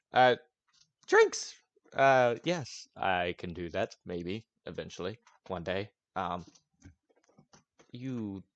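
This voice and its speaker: A man's voice: on the low side, dry recording. A man voicing a sarcastic, rude elf man who swears often, in a tabletop game.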